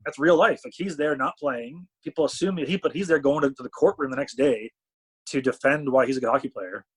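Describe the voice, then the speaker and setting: Canadian-raised guy rattling off stories quick, husky voice, acts out all the quotes. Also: mid-range voice. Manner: animated storyteller, acts out quotes. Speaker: talent management CEO, podcast guest. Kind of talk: casual storytelling chat.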